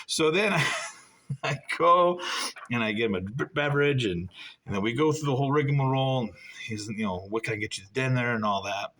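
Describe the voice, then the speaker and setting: Animated stand-up man, lively and bright. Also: moderate pace. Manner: animated, jumps high when acting out dialogue. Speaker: stand-up comedian. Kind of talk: stand-up storytelling.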